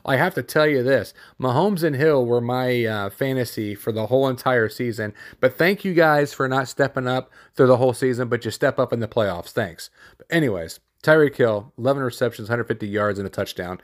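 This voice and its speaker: A man's voice: medium pitch, a little fast, hardly any pauses. A man hosting a solo sports podcast, rambling and opinionated, with lots of fillers, restarts and casual slang.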